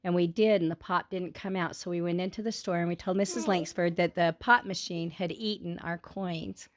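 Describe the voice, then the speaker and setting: A woman with a fairly low voice tells a childhood story in an earnest, heartfelt way. She takes her time and lingers over her words. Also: steady tone, moderate pace. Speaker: parent telling a childhood story in a family lesson. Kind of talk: personal storytelling.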